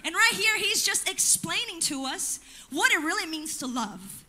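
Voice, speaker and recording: A woman preaches in church with a very high, bright, cutting voice. She drives her points hard, pausing for the congregation with repeated calls to listen and answer. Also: sing-song. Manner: emphatic preaching with call-and-response asides. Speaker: pastor. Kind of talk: sermon.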